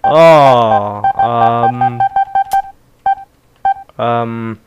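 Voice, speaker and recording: A man's voice: mid-range voice, very slow. A man commenting on a game as he plays, reacting with swearing and hesitant fillers. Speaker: gaming video host. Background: violin game music.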